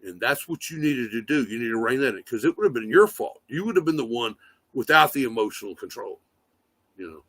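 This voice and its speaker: A man talking on a livestream from his phone, rambling and swearing with plenty of fillers. His gravelly voice swings widely in pitch, sitting a little high for a man. The sound is close and dry, with no room around it. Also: lively intonation, fairly quick, fairly bright tone, dry recording. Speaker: livestream host. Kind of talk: casual rambling livestream talk.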